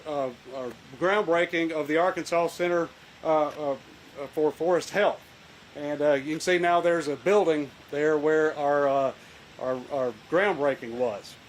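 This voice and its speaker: Dean, folksy and halting. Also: male voice, fairly high pitch, slight background noise. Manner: folksy, halting, with many fillers and restarts. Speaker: college dean. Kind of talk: opening remarks at a public ceremony. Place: outdoor event with echoing sound system. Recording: echoey public address from afar.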